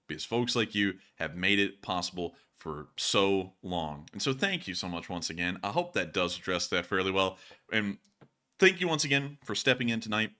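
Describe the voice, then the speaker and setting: A man's voice: fairly low pitch, bright, forceful tone. A young man hosting a livestream and repeatedly thanking donors. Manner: effusively grateful, repetitive thanks. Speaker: channel host. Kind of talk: livestream donation reading.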